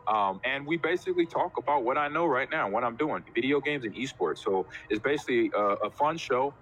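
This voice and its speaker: A man in his forties, a former professional football player, chatting casually as a guest and telling animated stories with acted-out quotes. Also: medium pitch, fairly quick, a little hiss or hum. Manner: animated storyteller, acts out quotes. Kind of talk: casual chat.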